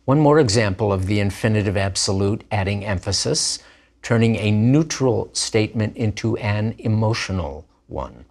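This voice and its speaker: A man teaching a grammar lesson in slow, deliberate speech with playful asides. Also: on the low side, expressive, darkish tone. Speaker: language teacher. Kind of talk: scripted Hebrew grammar lesson.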